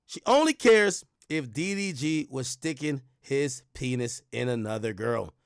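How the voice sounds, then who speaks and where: A man's voice: medium pitch, a little slow, dry recording, studio quality. A young man streaming commentary, reading documents aloud and reacting bluntly with lots of profanity.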